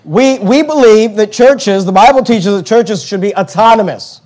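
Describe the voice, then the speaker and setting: High-voiced fervent male preacher. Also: a little mellow. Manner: fervent preaching, quick asides to the congregation. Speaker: pastor. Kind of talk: sermon.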